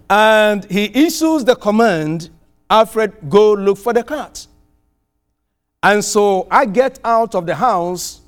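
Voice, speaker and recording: A middle-aged man from outside the US preaching a sermon, telling a personal story with animated, swelling exclamations. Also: high voice.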